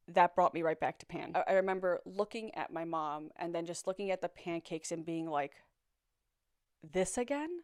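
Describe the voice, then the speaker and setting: A woman's voice: on the low side, dry recording, clean studio sound. A young woman telling her own story in a candid, reflective way, often repeating words as she searches for them. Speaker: survivor sharing her story. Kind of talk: personal storytelling.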